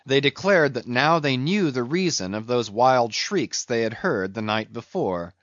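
Male audiobook narrator, measured and expressive, dry close recording. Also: mid-range voice, dry recording, lo-fi sound. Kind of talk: reading a classic novel aloud.

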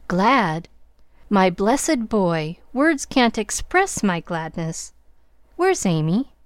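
A woman's voice: medium pitch, big pitch swings, very slow, dry recording, studio quality. A woman voicing a spirited, impulsive young woman who exclaims and teases in an audiobook reading. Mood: excited teasing.

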